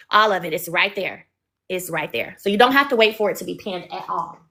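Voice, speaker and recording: A cheerful woman hosts a live-stream sales pitch, chatting and pushing viewers to buy. Her bright voice sits a bit above average pitch, and she's recorded on a phone in an echoey room.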